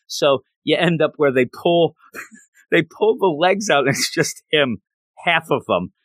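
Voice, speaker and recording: A man casually recapping a comic book in an excited, chatty way. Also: a little high, measured pace, dry recording. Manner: excited, chatty, acts out lines.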